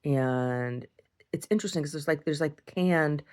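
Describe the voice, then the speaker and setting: A woman's voice: sits low, a little slow. Rambling woman, video diary. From United States. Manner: rambling, repeats words and restarts often. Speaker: video diarist.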